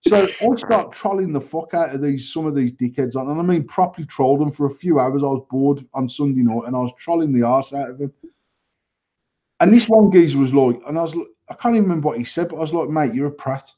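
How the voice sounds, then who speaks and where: A man chats and rants on a banter podcast, cursing freely and acting out online arguments with plenty of energy. His voice is mellow and relaxed in tone. The recording sounds somewhat dull and lo-fi. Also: a little high, fast. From England. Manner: swears a lot, animated retelling of arguments. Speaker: podcast co-host. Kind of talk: casual banter, storytelling.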